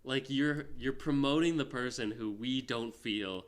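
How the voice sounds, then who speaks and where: A man's voice: medium pitch, measured pace. A man co-hosting a film podcast in casual chat, rambling with lots of fillers and restarts. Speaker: podcast co-host.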